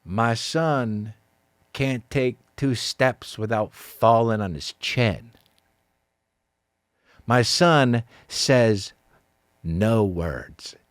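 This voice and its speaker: A man's voice: mid-range voice, very slow, pauses often, dry recording, clean studio sound. A middle-aged man hosting a podcast, telling a comic story with profane, exaggerated delivery. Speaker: podcast host.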